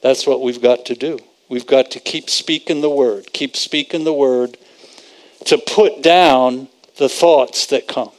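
A man's voice: medium pitch, steady tone, unhurried. A man preaching a conversational sermon, repeating phrases for emphasis and quoting scripture.

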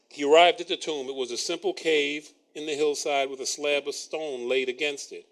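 A man's voice: on the high side, fairly even intonation, normal speed, hardly any pauses. A man preaching a sermon, reading scripture and breaking in with wry asides and chuckles.

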